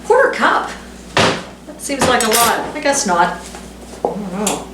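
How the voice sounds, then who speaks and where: The recording is very noisy: a middle-aged woman with an expressive, medium-pitched voice talks at normal speed in her home kitchen. She hosts a casual cooking vlog, reading recipe steps aloud and chatting with self-deprecating asides amid echoes and clattering dishes.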